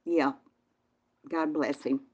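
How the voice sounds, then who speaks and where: Folksy Southern woman host, lowish voice, chatting live with viewers. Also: fairly even intonation, slow pace, darkish tone, husky. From Texas. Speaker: channel host reading live chat. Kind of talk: casual live-stream chat.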